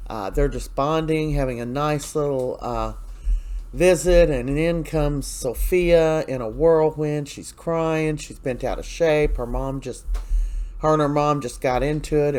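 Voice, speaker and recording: A man talks through a soap opera episode in a loose, conversational way. He is opinionated, often stops for "uh" and "you know", and goes off on asides as he tells the story. His voice sits at an ordinary middle pitch. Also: darkish tone, smooth. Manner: chatty and opinionated, with frequent fillers and asides. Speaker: soap opera recap host. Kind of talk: casual spoken episode recap.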